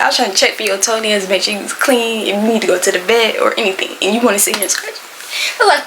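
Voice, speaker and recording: A young adult woman telling a storytime tale in casual slangy speech, loud and animated, acting out what people said. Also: mid-range voice, racing, noisy background. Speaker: storytime vlogger.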